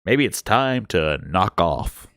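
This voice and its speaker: A man voicing a weary middle-aged scientist who mutters slowly to himself, read in a storybook style. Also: low voice, sing-song, a bit bright, no echo, studio quality, exaggerated voice.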